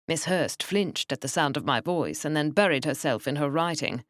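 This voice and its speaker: Woman, audiobook narrator, wry measured reading, low pitch, dry studio sound. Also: lively intonation, no room sound.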